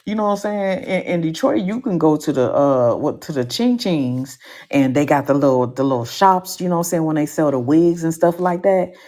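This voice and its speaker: A woman hosting a live podcast show, telling stories in an animated, slangy way with comic asides to the audience. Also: sits low, normal speed. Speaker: podcast host.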